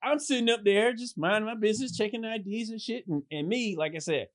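A man telling stories in casual chat, animated and swearing, jumping into high voices when quoting people. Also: fairly quick, no room sound, clean studio sound. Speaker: podcast guest telling stories.

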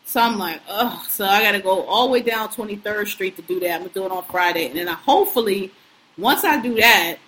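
A woman's voice: mid-range voice, lively intonation, fast talker, fairly bright tone, rough recording. Blunt, profane woman podcast co-host. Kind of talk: casual podcast chat.

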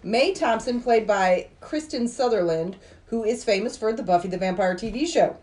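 A woman's voice: a little high, expressive, moderate pace, darkish tone. A woman hosting a casual podcast, running through a film's cast list and bossing her co-hosts. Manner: bossy, reads cast lists. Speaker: podcast host.

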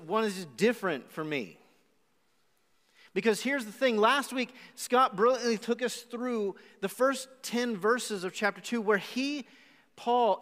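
A man pastor preaching a live sermon, telling a story with animated acted-out asides. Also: sits high. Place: church auditorium. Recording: live church hall with long reverb.

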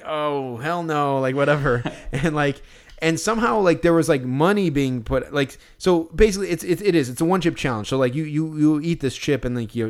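A man telling a long story in casual chat, rambling and swearing freely as he goes. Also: a little high.

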